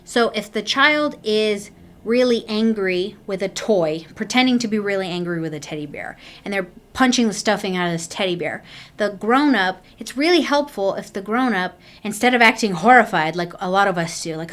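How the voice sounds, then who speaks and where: Gentle woman giving a parenting talk. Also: medium pitch. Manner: gentle, unhurried, encouraging, with fillers and restarts. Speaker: parenting workshop presenter.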